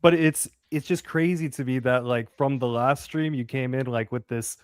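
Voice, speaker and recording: A man's voice: mid-range voice, moderate pace, smooth, no echo, clean studio sound. A man in a casual chat who retells a story animatedly.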